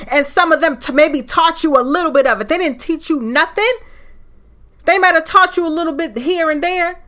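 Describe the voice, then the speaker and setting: A woman's voice: extremely high pitch, moderate pace. A woman hosting a solo podcast, speaking, ranting fiercely and preaching with rising anger. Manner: fiery, preachy, loud at times. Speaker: podcast host. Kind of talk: impassioned solo podcast rant.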